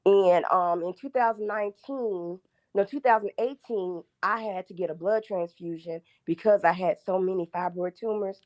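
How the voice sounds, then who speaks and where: A woman's voice: mid-range voice, normal speed, no echo. A woman in her forties calling in to a live show, talking through her points one by one in a chatty, emphatic way. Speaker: caller. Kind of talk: casual phone-in chat.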